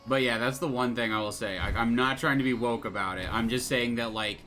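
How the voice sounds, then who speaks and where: A man's voice: mid-range voice, brisk, sharp tone, faint music behind. Rambling sarcastic young male gamer. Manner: rambling, sarcastic, swears casually. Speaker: let's play gamer. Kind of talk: casual gameplay commentary.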